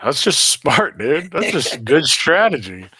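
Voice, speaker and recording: A young American man co-hosting a casual podcast chat, animated and saying dude a lot. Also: a little high, measured pace, husky. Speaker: podcast co-host.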